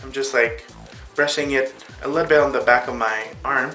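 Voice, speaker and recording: A man's voice: mid-range voice, fairly even intonation, moderate pace, pushed and bright, soft background music. A man hosting a casual makeup tutorial, talking the viewers through each step in a chatty way while he applies the makeup on himself. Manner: chatty, addresses viewers as girls and boys. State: out of breath.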